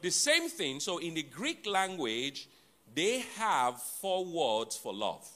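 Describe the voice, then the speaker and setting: A man preaching a sermon to his congregation, teaching deliberately, repeating and spelling out key words, with playful asides to the listeners. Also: fairly high pitch, big pitch swings, bright, forceful tone. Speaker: pastor.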